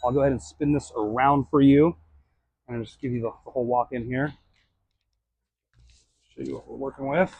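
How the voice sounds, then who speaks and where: A man films a walkthrough of a new house, holding the camera himself as he moves from room to room. He talks in a relaxed, chatty way, full of fillers and little self-corrections. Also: mid-range voice, moderate pace, gravelly, pauses often, dull audio. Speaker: real estate vlogger. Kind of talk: casual home tour walkthrough. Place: inside a new house, walking through rooms. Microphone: handheld camera mic.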